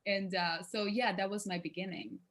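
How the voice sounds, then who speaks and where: A woman in her forties, speaking English with a Spanish accent in a casual interview, animated and laughing often as she acts out quoted lines. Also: medium pitch, normal speed. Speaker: guest actress.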